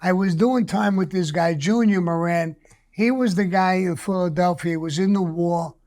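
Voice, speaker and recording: Older New man, high voice, blunt profane storyteller. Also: moderate pace, a little mellow. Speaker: guest. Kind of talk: casual storytelling.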